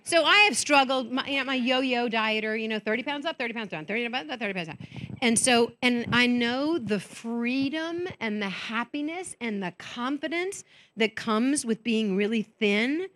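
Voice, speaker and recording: Speaking at a women's conference, she has a slightly high, expressive, somewhat bright voice and keeps a moderate pace. Her talk is full of candid, self-mocking stories, and she imitates the voices of the people she quotes.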